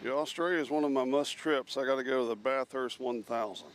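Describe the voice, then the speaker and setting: Hosting a planespotting live stream outdoors near the airport, this man keeps up casual commentary and reads viewers' chat messages. His mid-range voice runs a little fast over slight background noise.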